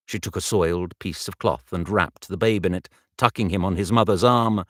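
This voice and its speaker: Man reading an audiobook, very low voice, dry close sound, slow and measured. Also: fairly bright tone, no room sound. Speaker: audiobook narrator. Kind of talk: audiobook narration recorded live.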